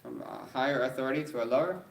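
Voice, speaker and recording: A man's voice: mid-range voice, gravelly. Male teacher in a roomy classroom. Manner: reads Arabic text quickly, then explains slowly with frequent "right?". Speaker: Arabic grammar teacher. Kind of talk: classroom lesson. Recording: roomy classroom with faint background noise.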